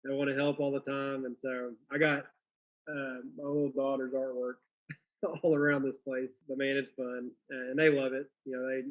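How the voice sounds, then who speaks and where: A young man, a guest in a casual interview, talking in a friendly, relaxed way and explaining things plainly. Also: mid-range voice, normal speed. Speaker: guest, small business owner. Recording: slightly dull lo-fi audio.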